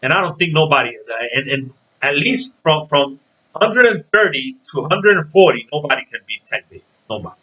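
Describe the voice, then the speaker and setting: A man hosts his own boxing vlog, talking casually and straight to his viewers. His voice sits a bit high and sounds bright and sharp. He hammers his points home by repeating them and checking in with "okay?". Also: expressive, brisk, slightly rough, poor audio. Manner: emphatic, repeats phrases and asks "okay?". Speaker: boxing channel host.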